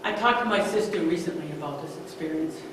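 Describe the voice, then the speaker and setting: Animated woman storyteller in her fifties. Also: low voice, quick pace, background noise. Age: 50s. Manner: animated, swings from hushed to emphatic. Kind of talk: live storytelling performance. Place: stage in a large hall. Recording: echoey hall, far-off mic.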